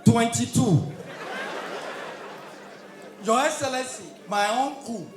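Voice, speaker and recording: A man doing live stand-up comedy with a Nigerian Pidgin English accent, delivering loud, punchy, shouted punchlines. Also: extremely high pitch, takes it slowly, reverberant, a crowd in the background, background noise.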